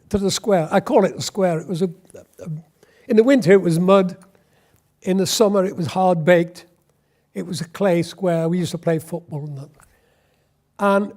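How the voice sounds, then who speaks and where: High-voiced elderly man reminiscing. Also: darkish tone. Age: 80s. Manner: wry, anecdotal storytelling. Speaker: war veteran interviewee. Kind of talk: oral history interview.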